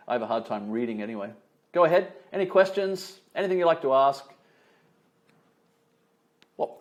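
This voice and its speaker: A man leads a live online training session from home over a video call, talking in a loose, conversational way. His pitch sits at an ordinary middle level. He drops in frequent "all right?" check-ins and tells anecdotes with a light laugh. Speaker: communication trainer.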